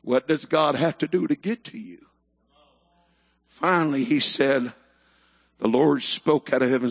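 A male preacher delivering a fervent sermon, rising into shouted emphasis. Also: mid-range voice, moderate pace, creaky. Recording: echoey hall.

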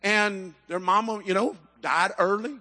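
A male preacher delivering a fervent sermon, rising into shouted emphasis. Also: high-pitched, measured pace. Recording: echoey hall.

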